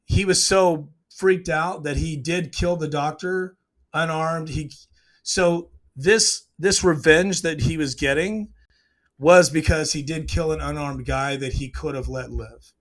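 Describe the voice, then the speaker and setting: Man, slightly high voice, casual TV scene breakdown, opinionated, acts out quotes. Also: measured pace. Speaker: TV show reviewer.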